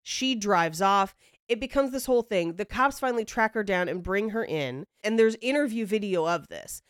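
A woman's voice: mid-range voice, lively intonation, moderate pace, clean tone, no room sound, clean studio sound. A young woman hosting a podcast, casually telling a story, acting out quotes and laughing often. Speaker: podcast host.

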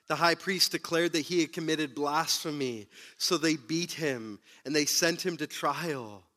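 A man preaching a sermon who retells the story dramatically, moving between loud bursts and hushed, low passages. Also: measured pace. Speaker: pastor.

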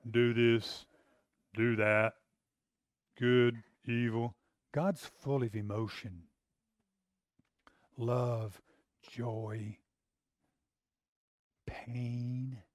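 A man's voice: medium pitch, fairly even intonation, drawn-out words, long pauses, no echo, clean studio sound. A man preaching a sermon as pastor, in an emphatic, exclamatory, conversational way.

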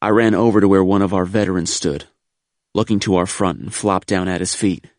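Sober deep-voiced male memoir narrator. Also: steady tone, darkish tone, dry recording, studio quality. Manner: measured, sober, reflective. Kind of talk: scripted first-person memoir narration.

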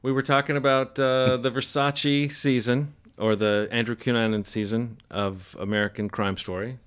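A man's voice: medium pitch, normal speed, clean tone. A man hosting a podcast, talking casually and joking about a lost recording. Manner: relaxed, rambling, joking. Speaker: podcast host. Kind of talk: casual chat.

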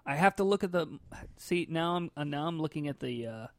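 A man's voice: on the high side, animated, a little fast, dry recording. A man hosting a loose comedy podcast, his voice rising and falling a lot as he rambles and laughs. He narrates his own moves and drifts on and off the mic. The sound is dry and close. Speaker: podcast host. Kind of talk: casual comedy chat.

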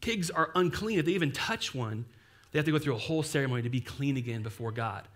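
A young adult man preaching a sermon as pastor, casual and animated, with playful asides. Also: medium pitch, fast.

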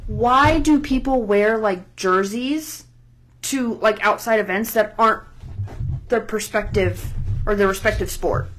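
Woman, slight Northern accent, blunt and opinionated, casual podcast chat, mid-pitched voice. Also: a bit bright. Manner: blunt, opinionated, quick to complain. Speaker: podcast co-host.

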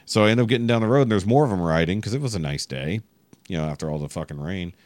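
A man with a very low voice tells a long, exasperated story on a podcast, cursing constantly as he goes. The sound is dry and close, with no room around it. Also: lively intonation, racing, darkish tone, no room sound. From Texas. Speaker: podcast guest. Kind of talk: casual chat.

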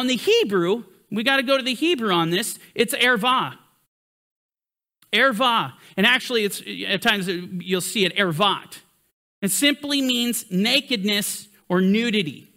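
A man teaching a Bible study sermon in an emphatic manner, his pitch swinging up and down to stress his points. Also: pushed and bright.

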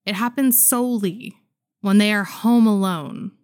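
A woman in her thirties co-hosting a casual podcast, telling a story with lively shifts and quoted voices. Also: a little slow, dry recording, studio quality. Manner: animated storyteller, jumps pitch for quoted voices, laughs often. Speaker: podcast co-host.

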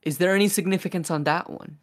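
A podcast host chats casually at a quick pace in a steady, mid-range voice. He animatedly recaps a film's plot, briefly voicing the characters' lines along the way.

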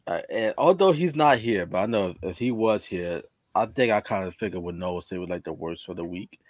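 A man with a somewhat low voice co-hosts a sports podcast in a loose, teasing way, and swears freely. His voice is recorded dry, with no room sound. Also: animated, fairly quick, no echo. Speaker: podcast co-host. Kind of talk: casual sports chat.

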